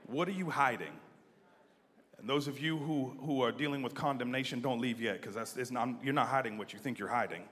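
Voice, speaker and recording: A man with a mid-range voice preaches a sermon a little fast, building from quiet asides to near-shouted emphasis. He leads the congregation in call-and-response as they repeat lines after him. A long hall reverb surrounds the recording.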